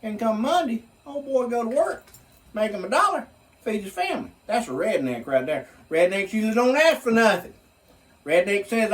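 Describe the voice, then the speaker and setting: Man, Southern US accent, folksy, emphatic, animated pitch, slightly distant mic. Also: moderate pace, slight background noise. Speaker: vlogger. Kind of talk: casual monologue.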